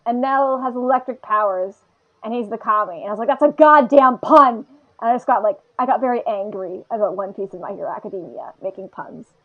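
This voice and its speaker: High-pitched woman, podcast co-host, rambling casual chat, dull lo-fi audio. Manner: rambling and animated, laughs a lot, puts on voices to quote characters. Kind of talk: casual chat reviewing an anime episode.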